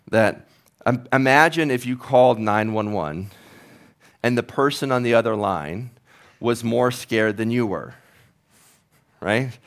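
Low-voiced male pastor preaching. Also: a bit bright. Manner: storytelling, conversational, earnest. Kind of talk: sermon.

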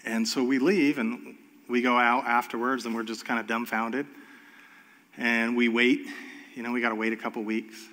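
A man's voice: mid-range voice, monotone, moderate pace, bright, forceful tone. A man in his thirties, a pastor, preaching a sermon and telling a story with acted-out voices. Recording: long hall reverb.

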